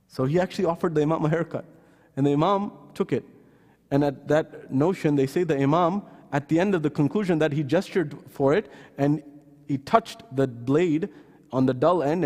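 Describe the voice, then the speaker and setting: A man giving a sermon at a mosque, retelling stories earnestly and acting out the voices of the people in them. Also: darkish tone. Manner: earnest, acts out quoted voices with pitch rises. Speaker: speaker at a mosque gathering. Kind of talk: sermon with storytelling. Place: mosque hall. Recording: long hall reverb.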